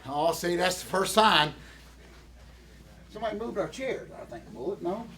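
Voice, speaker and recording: A man's voice: high voice, expressive, moderate pace, fairly bright tone. A man with a Southern US accent co-hosting a casual chat, folksy and a little out of breath. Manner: folksy, calls partner "boy" and "Bullet" constantly. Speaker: co-host.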